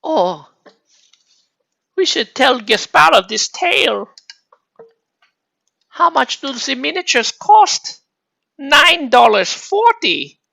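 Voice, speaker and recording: A man's voice: very high voice, sing-song, slow, vocal fry, pauses often, sharp tone, voice pushed up, heavily acted. A man imitating a fussy European male hobby gamer with a vague European accent. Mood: chirpy.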